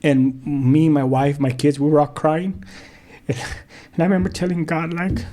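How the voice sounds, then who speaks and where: A man's voice: fairly high pitch, flat delivery, moderate pace, mellow. A middle-aged man from South Central Los Angeles, a pastor giving a personal testimony in a podcast interview, telling his story with plenty of "you know" and acted-out dialogue.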